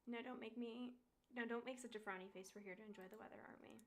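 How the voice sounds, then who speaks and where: A woman reading the softly spoken lines of a gentle, caring young man from a game. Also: on the high side, steady tone, fast talker, a little hiss or hum, lightly acted. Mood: tender. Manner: softly read aloud. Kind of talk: reading game dialogue aloud.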